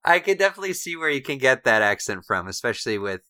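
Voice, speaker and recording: A man's voice: mid-range voice, sing-song, fast talker, pushed and bright, clear, resonant tone, no room sound, clean studio sound. A man co-hosting a podcast in casual chat, laid-back with frequent fillers. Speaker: podcast co-host and editor.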